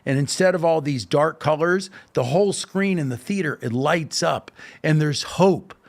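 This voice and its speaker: A man's voice: on the high side, moderate pace, gravelly. A man speaking as a podcast guest, telling a story with emphasis, often checking in with "okay?" and restarting with fillers. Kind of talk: animated casual talk.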